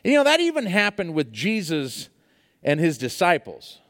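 A man preaching a sermon, telling a personal story in an animated way with many fillers before reading scripture. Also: fairly high pitch, normal speed, in a large hall. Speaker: pastor.

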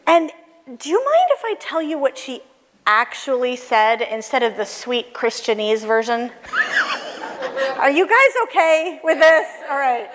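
Animated high-voiced woman telling a story. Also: a little slow, slight background noise. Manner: animated, acts out quoted voices, laughs often. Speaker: speaker telling a personal story to an audience. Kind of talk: storytelling talk to a church audience. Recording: long reverb of a hall.

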